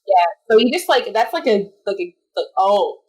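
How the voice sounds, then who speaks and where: A woman's voice: medium pitch, lively intonation, moderate pace, a little mellow, slightly rough, low-quality recording. A woman co-hosting a casual podcast, giggling often and talking with lots of "like" fillers. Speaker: podcast co-host. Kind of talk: casual chat about a cartoon.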